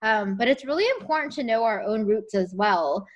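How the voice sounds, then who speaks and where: A woman's voice: medium pitch, animated, a little fast, highs cut off. A young woman co-hosting a podcast, chatting enthusiastically with casual slang. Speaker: podcast co-host. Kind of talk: casual chat.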